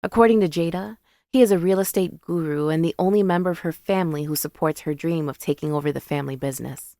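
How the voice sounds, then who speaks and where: A woman's voice: deep voice, fast talker, warm tone, no echo, clean studio sound. A woman narrating a first-person romance story in an intimate, confiding way.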